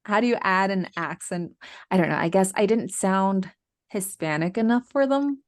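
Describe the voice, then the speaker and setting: A woman co-host poses her question haltingly and rewords it as she speaks. Her voice is mid-pitched and plain. The tone is casual conversation. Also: lively intonation. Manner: hesitant, self-correcting questioner. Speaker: podcast co-host. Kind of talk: casual chat.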